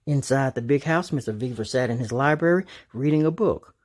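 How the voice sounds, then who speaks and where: A man narrating a children's storybook aloud in an animated, expressive way. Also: mid-range voice, brisk.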